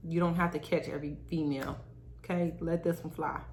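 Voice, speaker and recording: Young woman, podcast host, casual motivational talk, lowish voice, faint background hum. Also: fairly even intonation, fairly quick, a little mellow. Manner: candid, motivational, addresses viewers as y'all.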